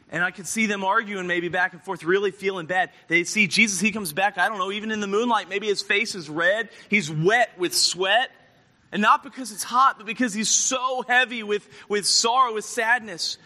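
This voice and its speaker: A man preaching a sermon, telling a story dramatically and acting out quoted lines, moving between loud passages and hushed ones. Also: high-pitched, a little fast.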